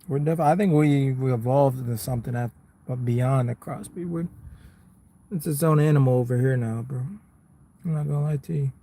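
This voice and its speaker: A man's voice: mid-range voice, normal speed, dark tone. A man, chatting casually with his viewers on a live stream from his car, laid-back and rambling, calling people bro and man. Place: inside a car.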